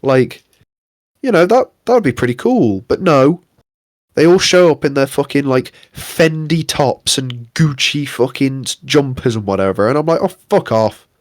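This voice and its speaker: A young man rants on a casual podcast, exasperated and swearing freely. His voice sits at an ordinary middle pitch. The sound is close and dry, with no room around it. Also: expressive, normal speed, no room sound. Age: young adult. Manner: sweary, exasperated ranting with mock impressions. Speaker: podcast co-host. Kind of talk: casual ranting chat.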